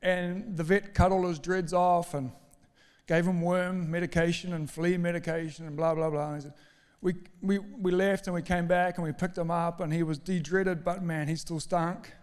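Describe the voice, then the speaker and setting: Rich: A high-voiced man delivers a sermon in a smooth, resonant tone. He tells his story in an animated, self-mocking way and piles up emphatic lists. His voice rings out through a church hall with a long reverb tail. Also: moderate pace. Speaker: pastor.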